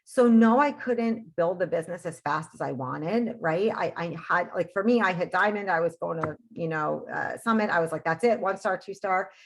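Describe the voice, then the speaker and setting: A woman's voice: lowish voice, normal speed, hardly any pauses. A woman in her thirties, a fitness coach, telling her personal story on a team video call in a chatty way, full of "like" and "right?". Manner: chatty, heavy use of "like" and "right?".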